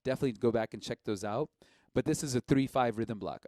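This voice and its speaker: A man teaching a live-streamed didgeridoo lesson, relaxed and encouraging, often checking in with his listeners. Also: medium pitch, a little fast, no room sound.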